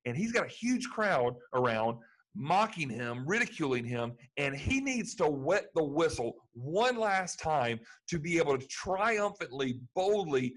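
A man's voice: fairly high pitch, very animated, measured pace, fairly bright tone, poor audio. A man preaching a sermon, earnest and building to emphatic peaks. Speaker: pastor.

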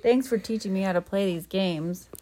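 A woman playing a lonely, aloof female dragon in a made-up story, speaking in a plain, slow, matter-of-fact way. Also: medium pitch, warm tone, slight background noise, close to an everyday voice. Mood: warming. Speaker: parent joining a child's made-up story. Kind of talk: improvised bedtime-story role-play.

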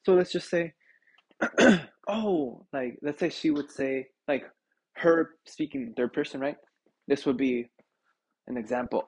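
A man's voice: on the high side, measured pace, long pauses. A young man hosting a podcast, ranting casually with lots of swearing and "dude," sick and short of breath. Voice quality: husky. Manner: profane, animated, says "dude" constantly. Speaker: podcast host.

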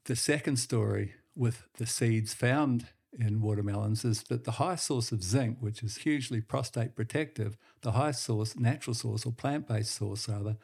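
A man hosting a health segment, explaining in brisk lists in a casual monologue. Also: medium pitch, vocal fry, darkish tone, breathy edge.

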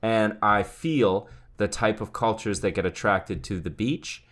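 A man's voice: lowish voice, a little slow, fairly bright tone. A man co-hosting a podcast in casual chat, teasing his partner and swearing freely. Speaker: podcast co-host.

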